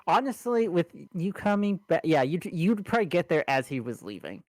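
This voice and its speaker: A man's voice: on the high side, very animated, moderate pace, dry recording, poor audio. A man narrating as game master in a tabletop game, talking hesitantly with many restarts. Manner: hesitant, lots of fillers and restarts.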